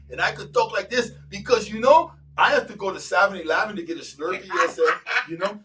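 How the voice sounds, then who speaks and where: High-voiced man storytelling, mic off a bit. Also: distant mic, a little hiss or hum, rough recording. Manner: animated storyteller, slows to stress points. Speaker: podcast host, psychologist. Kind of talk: casual interview chat.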